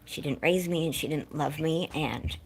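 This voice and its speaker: A woman's voice: low voice, moderate pace, a little hiss or hum. A young woman vlogger telling a distressing personal story to her viewers in a rambling, upset way, close to tears. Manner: distressed, rambling, breaks off to scold her dog.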